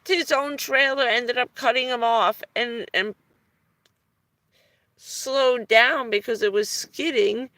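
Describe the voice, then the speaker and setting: A woman's voice: on the high side, steady tone, takes it slowly, sharp tone, dry recording. A woman chatting casually on a live stream, telling rambling stories and chuckling often between phrases.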